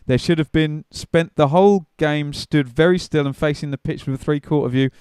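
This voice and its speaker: A man co-hosting a casual football podcast, telling stories in a chatty, animated way. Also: a little high, normal speed, clean tone, no room sound, studio quality. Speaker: podcast co-host.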